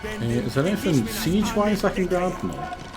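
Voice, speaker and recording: Excitable male game streamer. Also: sits high, moderate pace. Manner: excitable, swears casually, talks to his units. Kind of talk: live gameplay commentary. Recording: game music behind.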